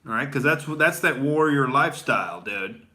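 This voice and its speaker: Bright-voiced rambling comedian man. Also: mid-range voice, animated, normal speed. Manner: rambling bro talk, peppered with "all right?" and "dude". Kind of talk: stand-up style comedy rant.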